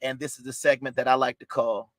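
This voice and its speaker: Dry-sounding podcast host, theatrical. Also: male voice, mid-range voice, little pitch movement, a bit bright, dry recording. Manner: theatrical, halting with fillers, mock outrage. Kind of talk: mock trial hosting and ad reads.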